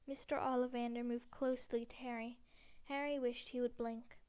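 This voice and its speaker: A woman reads a novel aloud as narrator, plainly and steadily. Her voice is high and smooth, clear on every word. She stumbles now and then and corrects herself mid-sentence. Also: flat delivery, moderate pace, a little mellow. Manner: plain reading with frequent slips and self-corrections. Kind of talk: audiobook reading of a novel.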